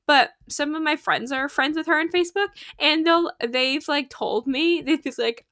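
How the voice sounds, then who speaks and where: A woman's voice: high-pitched, lively intonation, brisk, hardly any pauses, sharp tone, no room sound, studio quality. A young woman chatting casually while livestreaming a game, rambling with lots of fillers and laughs, sleepy and yawning. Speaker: streamer.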